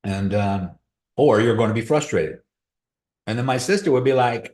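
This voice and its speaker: A man hosts a live crypto webinar, talking in a blunt and motivational way at a mid-range pitch. He drifts into stories about his own life. His voice rings off an echoey room. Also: moderate pace, darkish tone. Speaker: host of a crypto trading webinar. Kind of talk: casual live-stream talk. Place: room on a video call.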